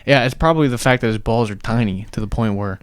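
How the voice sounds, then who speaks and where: A man's voice: mid-range voice, fast. A young man hosting a casual podcast chat, laid-back and teasing with crude jokes. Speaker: podcast host.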